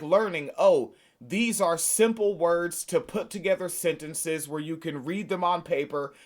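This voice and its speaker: A man hosting a podcast, reading news aloud and breaking off into sarcastic, profane asides. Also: on the high side. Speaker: podcast host.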